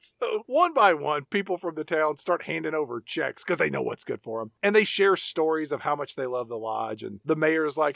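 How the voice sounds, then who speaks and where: Brief: male podcast co-host, animated and playful, dry close-mic sound. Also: a little high, normal speed, gravelly, few pauses, dry recording. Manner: animated, acts out characters in silly voices. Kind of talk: comedic movie recap chat.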